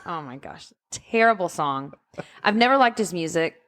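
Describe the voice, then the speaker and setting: A woman's voice: lowish voice, expressive, moderate pace, a bit bright. A woman co-hosting a podcast, talking casually with lots of ums and likes. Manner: chatty, frequent ums and likes. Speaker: podcast co-host. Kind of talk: casual chat.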